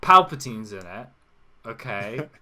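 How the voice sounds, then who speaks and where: Bright-voiced giggly young man. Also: mid-range voice, sing-song, a little slow. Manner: giggly, rambling, lots of filler words. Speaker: co-host. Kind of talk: casual group commentary.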